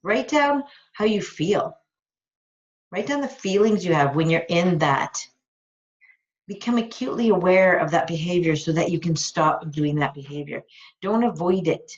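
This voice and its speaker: A woman's voice: fairly low pitch, lively intonation, moderate pace. A woman life coach on a live call, talking frankly and enthusiastically with casual swearing. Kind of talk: live coaching call, answering a listener's question. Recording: dull lo-fi recording.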